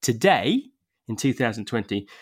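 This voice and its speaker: Thoughtful man explaining calmly. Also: medium pitch, normal speed, husky. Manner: thoughtful, explains with figures, frequent restarts. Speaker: podcast panelist. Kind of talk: casual podcast discussion.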